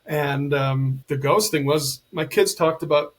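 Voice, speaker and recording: Middle-aged male guest, husky, slightly high register; animated storyteller who acts out quotes. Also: a little slow. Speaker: podcast guest, healer and medium. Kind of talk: casual conversation.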